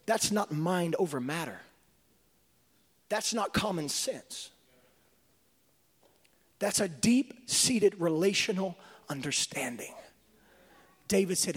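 A male preacher delivering a sermon, swinging from hushed whispers to shouting. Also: on the high side, lively intonation, unhurried, pauses often, husky. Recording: long reverb of a large hall.

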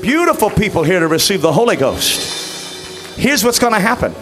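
A man leading an altar call in church, urging people forward and then praying aloud in rising, fervent shouts. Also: high voice, sing-song, moderate pace. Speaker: pastor. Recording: music playing behind.

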